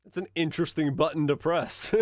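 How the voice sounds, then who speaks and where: Man, streamer, smooth clear voice, close dry mic, musing and reading aloud. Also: mid-range voice, no room sound. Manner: muses aloud, trails off and restarts, swears in surprise. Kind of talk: live-stream reaction, reading aloud and thinking out loud.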